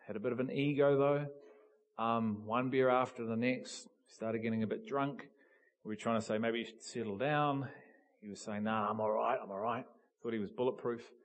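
A man from New preaches with a mid-pitched voice. He tells stories with animated energy and pushes to loud, emphatic peaks. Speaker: pastor. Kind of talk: sermon.

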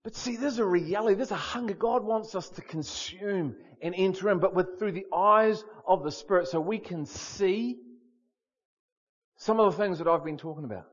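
Male preacher, lively and emphatic, higher voice, slightly muffled lo-fi sound. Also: normal speed, husky. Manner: animated, storytelling, emphatic repetition. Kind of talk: sermon.

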